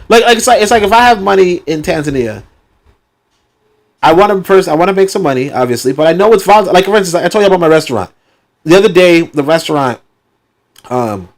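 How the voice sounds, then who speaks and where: Man host, higher voice, reads a book then breaks into sarcastic animated asides. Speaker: host reading a book aloud. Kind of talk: reading a book aloud with commentary.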